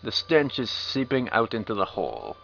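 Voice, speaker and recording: A bright-voiced man reads a game aloud as a let's play commentator, tossing in wry, sarcastic remarks between lines. His mid-range voice swoops wildly in pitch, carries vocal fry, and keeps a moderate pace. The recording is dull and lo-fi, with faint game music.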